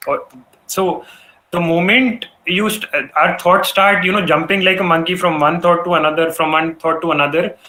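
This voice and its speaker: A man's voice: sits high, steady tone, moderate pace, pushed and bright, rough recording. A young man giving an earnest talk on public speaking at an event, full of "you know" fillers and self-corrections. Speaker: guest speaker. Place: event hall.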